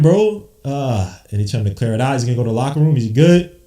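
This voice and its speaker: A man calling a basketball game live, switching between low muttered play-by-play and hyped, slangy shouting. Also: expressive, quick pace, distant mic. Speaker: podcast host doing live game commentary. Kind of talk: excited watch-along play-by-play. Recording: roomy echo.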